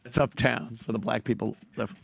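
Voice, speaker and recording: A middle-aged man co-hosting a casual podcast, wisecracking and chiming in with quick agreement. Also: mid-range voice, little pitch movement, vocal fry. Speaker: podcast co-host.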